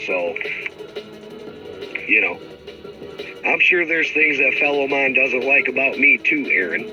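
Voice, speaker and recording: A man's voice: mid-range voice, expressive, measured pace, long pauses, sharp tone. A middle-aged man hosting a livestream, talking in a frustrated, rambling, profane way. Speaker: livestream host. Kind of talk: casual livestream rant. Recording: dull lo-fi stream audio with music.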